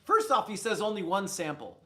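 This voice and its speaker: A man's voice: high voice, sing-song, a little fast, fairly bright tone. A middle-aged man co-hosting a live stream, chatting casually and telling stories with easy laughs. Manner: chatty, storytelling, laughs easily. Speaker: co-host.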